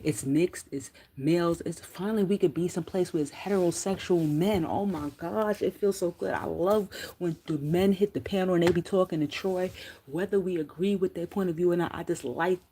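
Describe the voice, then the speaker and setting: A middle-aged woman giving casual, profane commentary as a streamer, loud and laughing, full of slang as she tells stories. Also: fairly low pitch, normal speed, breathy edge. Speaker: streamer commenting on street interview channels.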